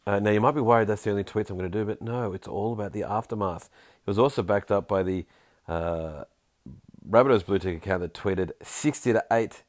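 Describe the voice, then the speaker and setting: A man hosting a podcast in a casual, jokey way, reading listener tweets aloud with quick asides. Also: fairly low pitch, no echo, studio quality. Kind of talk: casual chat.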